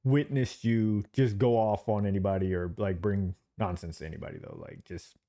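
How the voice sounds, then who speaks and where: Animated laid-back male podcast host. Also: on the low side, moderate pace, vocal fry. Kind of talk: casual chat.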